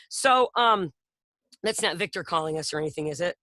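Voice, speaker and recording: Middle-aged woman co-host, animated storyteller, bright tone, dry mic. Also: medium pitch, quick pace, dry recording. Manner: animated storyteller, laughs often, acts out voices. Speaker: podcast co-host. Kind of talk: casual chat.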